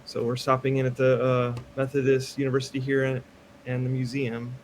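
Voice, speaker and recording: A man's voice: mid-range voice, monotone, fairly quick, slight background noise. Hesitant man playing a tabletop character. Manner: hesitant, casual, polite. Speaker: player.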